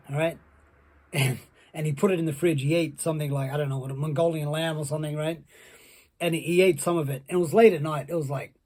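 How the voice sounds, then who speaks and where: A man spins a casual, rambling story full of swearing, getting more worked up as it goes. His voice sits high and sounds husky. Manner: rambling, profane, building excitement. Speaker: storyteller, former wrestler. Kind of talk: casual anecdote.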